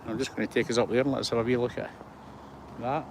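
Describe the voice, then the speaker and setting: A Scottish man in his sixties vlogs a walking tour of outdoor heritage museum grounds, holding a phone on a gimbal. His voice is medium-pitched and steady, and he talks fast, rambling, chatty and poking fun at himself. Background noise is audible.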